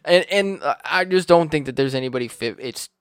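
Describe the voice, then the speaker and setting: A man's voice: a little high, fairly quick, a bit bright, smooth, dry recording, studio quality. A man with an Australian-tinged accent hosting a casual podcast, rambling through his opinions with laughs. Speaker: podcast host.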